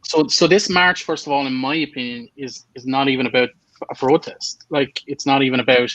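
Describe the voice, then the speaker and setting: A man's voice: mid-range voice, fairly even intonation, brisk, a bit bright, no echo, poor audio. A man co-hosting a casual political chat show, blunt and opinionated, swearing freely. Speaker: podcast co-host.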